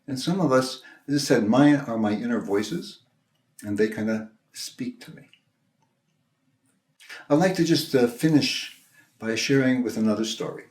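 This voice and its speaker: An older man gives a sermon, telling a personal story in a gentle, conversational way with restarts. His voice sits at an ordinary pitch for a man. The room around him is roomy and echoey. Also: measured pace, long pauses. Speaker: minister. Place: church sanctuary. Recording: roomy echo.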